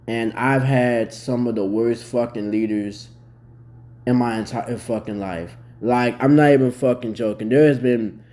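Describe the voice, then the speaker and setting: Talking straight to camera, a young vlogger reacts to a news story in casual commentary, blunt and heavily profane as he gets worked up. His voice is middle-pitched, dark, and mellow.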